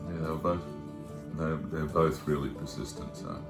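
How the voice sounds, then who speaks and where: Very deep-voiced man, echoey room. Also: steady tone, moderate pace, vocal fry, music in the background. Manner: brief, supportive interjections. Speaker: vlogger. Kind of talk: casual chat.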